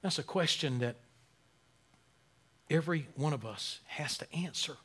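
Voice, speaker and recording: A man preaching a sermon as pastor, swinging between loud emphasis and quiet, close talk, often repeating words as he restarts. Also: fairly high pitch, a little slow, breathy edge.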